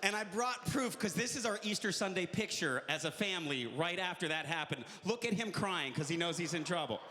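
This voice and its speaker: A man doing live stand-up comedy, telling stories in a high, bright and lively voice. He jumps into loud character voices along the way. The long reverb of the hall carries behind him. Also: fairly quick, a little hiss or hum. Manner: animated storytelling, jumping into shouted character voices. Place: live venue with audience.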